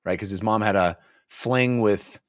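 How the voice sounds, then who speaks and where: A man's voice: fairly low pitch, measured pace, no echo, clean studio sound. A man co-hosting a casual book discussion podcast, retelling scenes animatedly and putting on silly voices for characters. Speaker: podcast co-host.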